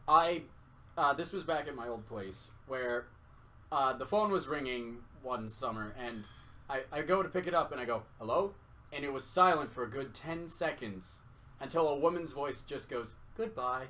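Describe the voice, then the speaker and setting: A man co-hosting a podcast, telling an anecdote in casual chat, expressive and quick to react. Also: medium pitch. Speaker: podcast co-host.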